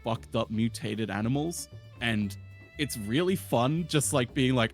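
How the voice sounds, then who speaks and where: A man's voice: mid-range voice, measured pace, faint music behind. A man rambling enthusiastically in casual chat, full of fillers.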